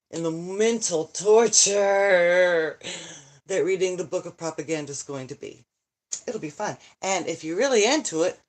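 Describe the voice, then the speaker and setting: An older woman, a channel host who reads books aloud, chatting casually and rambling, interrupting herself and sighing over a tedious book. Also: lowish voice. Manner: rambling, self-interrupting, dramatic sighs and complaints. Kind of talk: casual live chat and reading.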